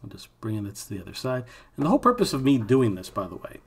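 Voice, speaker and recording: Man with a husky voice narrating a software tutorial. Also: medium pitch, very animated, quick pace. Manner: thinking aloud while working, casual asides. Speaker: animation instructor. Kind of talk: screen-recorded software tutorial.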